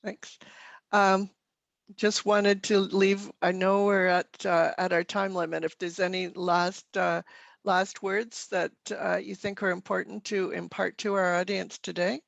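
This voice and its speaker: Moderator, creaky, flat intonation, polite and hesitant, dry close sound. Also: mid-range voice, no room sound, lo-fi sound. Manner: halting, polite, with fillers. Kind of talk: webinar moderation.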